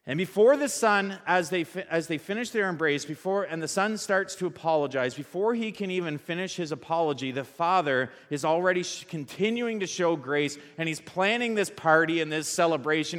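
A man's voice: on the high side, lively intonation, fairly quick, few pauses, fairly bright tone, big-room sound. A man preaching a sermon in a church, talking conversationally and asking the audience rhetorical questions.

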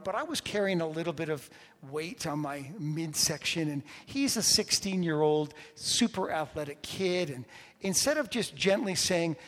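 A man's voice: fairly high pitch, a bit bright, long reverb tail. A man preaching a sermon as a pastor, telling stories in a conversational way with humorous asides.

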